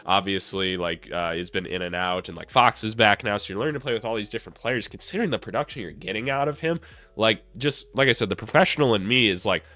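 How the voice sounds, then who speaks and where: A man's voice: lowish voice, bright, forceful tone. A man with a stuffy nose talking basketball in a blunt, profane, joking way. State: congested, stuffy from a cold. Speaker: basketball commentator, former college coach. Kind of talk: casual video commentary.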